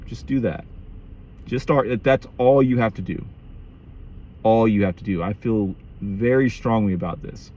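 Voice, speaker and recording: A man's voice: mid-range voice, highs cut off. Blunt, profane man musing on marriage. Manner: blunt, profane, restarts often. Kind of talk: candid reflective monologue.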